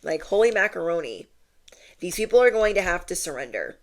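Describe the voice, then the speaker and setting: A woman's voice: fairly low pitch, sing-song, fairly quick, slight background noise. A young woman giving a casual spiritual tarot reading and talking to viewers in a chatty, emphatic way. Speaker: tarot reader.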